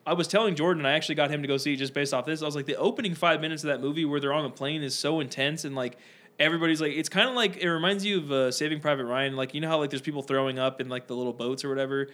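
Animated rambling podcast guy. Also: fairly high pitch. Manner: rambling, animated storytelling with mimicked voices. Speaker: podcast co-host. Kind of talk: casual chat.

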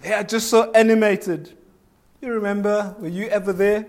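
Male preacher with a high voice, conversational sermon that draws in the congregation. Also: steady tone, normal speed. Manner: conversational, asks the congregation questions, acts out little voices.

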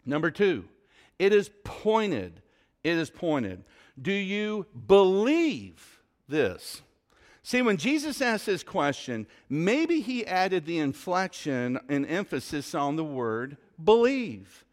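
A male pastor preaching a sermon in a church, emphatic, with rhetorical questions and dramatic pauses. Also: fairly high pitch, sing-song. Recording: long hall reverb.

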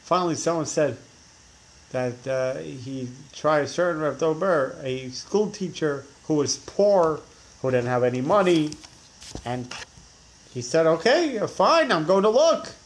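A man's voice: fairly high pitch, unhurried. A man teaching a religious class who tells stories animatedly, acting out the characters, with frequent restarts. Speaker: Torah teacher.

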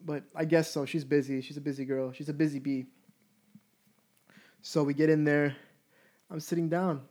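A man in his twenties telling a story in a casual, candid and profane way, animated as he goes. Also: a little high, normal speed. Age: 20s.

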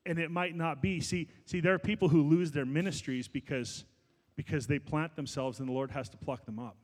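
A man preaching a sermon as pastor, building to loud, fervent exhortation. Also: fairly high pitch, brisk, long reverb tail.

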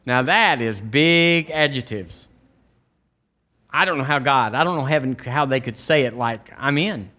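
A man with a Southern American accent, a pastor preaching a charismatic sermon and prayer, with emphatic delivery and sudden loud high rises. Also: animated, moderate pace. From Alabama, US. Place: church sanctuary.

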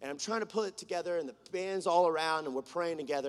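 A man who leads worship, preaching a sermon in an earnest way that swings between fervent declarations and hushed storytelling. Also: fairly high pitch, fast talker, few pauses, big-room sound. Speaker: worship leader. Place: church.

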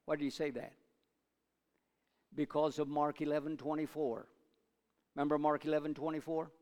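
A male preacher delivering a sermon, swinging between loud urging and low asides and calling for amens from the congregation. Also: flat delivery, normal speed. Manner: call-and-response with congregation. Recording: long reverb of a large hall.

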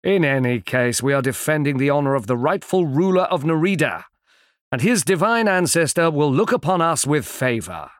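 A man's voice: on the high side, lively intonation, moderate pace, dry recording, clean studio sound, lightly acted. A man voicing a proud, commanding noble dragon rider. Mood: stern. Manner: commanding, formal, speaks of himself in third person. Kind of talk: audiobook character voice.

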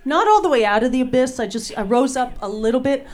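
A woman's voice: high-pitched, animated, quick pace. A middle-aged woman from New Jersey doing a brash, self-deprecating stand-up comedy set on a club stage.

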